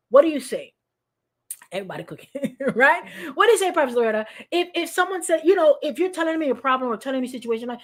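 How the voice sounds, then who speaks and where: Lively high-pitched woman pastor. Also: a little fast. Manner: animated, acts out quoted voices, addresses listeners by name. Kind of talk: informal sermon to an online congregation.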